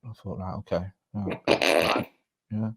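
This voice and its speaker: A man's voice: low-pitched, steady tone, slow pace, gravelly, fairly bright tone, breathy edge. A man co-hosting a podcast in casual chat, telling stories with plenty of swearing. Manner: chatty storyteller, laughs and swears. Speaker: podcast co-host.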